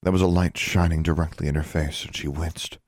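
A man with a deep, husky voice reads a fantasy audiobook in a steady, measured way. The recording is dry and close, with no room sound around him. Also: no echo. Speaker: narrator. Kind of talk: audiobook narration.

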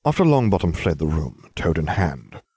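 A man's voice: sits low, big pitch swings, normal speed, mellow, slightly rough. A man reading first-person fiction aloud with dry, wry narration. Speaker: audiobook reader.

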